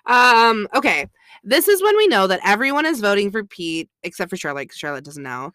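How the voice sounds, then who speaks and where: A woman chatting on a podcast and swearing freely in a blunt, offhand way. Her voice is smooth and clear. The recording is close and dry. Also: mid-range voice, very animated, brisk, a bit bright, no echo. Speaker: podcast co-host. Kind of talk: casual chat.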